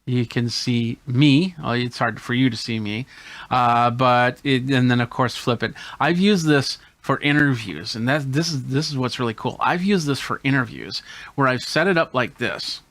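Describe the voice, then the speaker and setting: Tech host demoing gear, dry sound. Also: male voice, mid-range voice, moderate pace, fairly bright tone, no room sound. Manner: explains hands-on while demonstrating gadgets. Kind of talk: casual gear demo.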